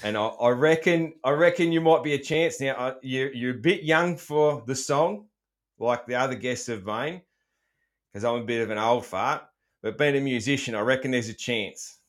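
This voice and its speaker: A man's voice: medium pitch, moderate pace. A middle-aged Australian man hosting a casual chat, joking around and swearing freely, with plenty of ums. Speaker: podcast host.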